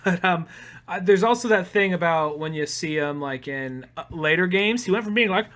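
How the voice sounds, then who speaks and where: A bright male voice, a bit higher than most, rambling on a casual podcast. He circles his points and keeps restarting sentences. The tone stays loose and conversational, with the odd curse. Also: lively intonation, normal speed. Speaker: podcast co-host.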